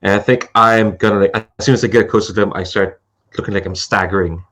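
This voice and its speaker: A man's voice: lowish voice, fairly even intonation, fast, fairly bright tone. A man playing in a tabletop game, describing his character's moves hesitantly while thinking aloud. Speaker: player.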